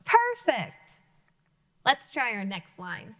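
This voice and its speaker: A woman teaching early readers in a high, bright voice. She speaks slowly and clearly, with a lively, bouncing pitch that suits young children. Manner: slow, clearly enunciated, encouraging teacher talk. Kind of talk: reading lesson for young children. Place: classroom-style video lesson.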